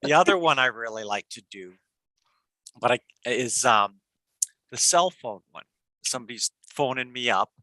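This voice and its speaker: An older retired man, a webinar guest, who plays along in a casual, playful demonstration and tells little stories in an animated way. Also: medium pitch, moderate pace, long pauses, no echo, rough recording.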